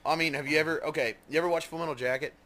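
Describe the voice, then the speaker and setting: A man's voice: on the high side, fairly even intonation, racing, crowd noise. A man watching his friend play a game, teasing and mocking him in casual banter. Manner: teasing, mocking, laughs a lot. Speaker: let's play co-host watching.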